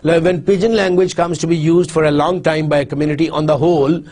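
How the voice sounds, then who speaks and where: A man giving a university lecture, explaining slowly with frequent repeats and restarts. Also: a little high, steady tone, a little mellow. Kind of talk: recorded lecture.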